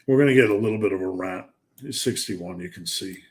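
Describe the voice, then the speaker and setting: A man's voice: sits low, a little fast. A man hosting a live fitness Q&A stream, chatting casually and asking himself rhetorical questions.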